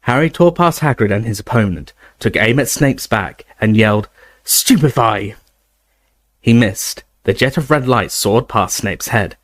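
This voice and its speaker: A man reading a fantasy novel aloud as an audiobook narrator, expressive and raising his voice for the shouted moments. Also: lowish voice, moderate pace, few pauses, no room sound.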